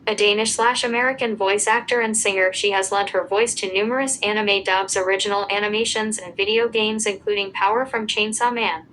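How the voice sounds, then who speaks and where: A woman's voice: medium pitch, fairly even intonation, brisk, few pauses, a bit bright, a little hiss or hum, poor audio. Woman narrating lists of facts. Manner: reads lists of names and dates evenly. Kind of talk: scripted narration.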